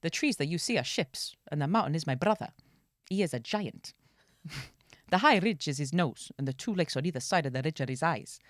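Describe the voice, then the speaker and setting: An earnest young princess from a storybook, speaking in a lilting Southern Welsh accent, as a woman puts her on. Her lines come breezy and quick, in a low, close and dry voice. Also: lively intonation, no room sound. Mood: urgent. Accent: put-on Southern Welsh. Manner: breezy storybook reading with giggles.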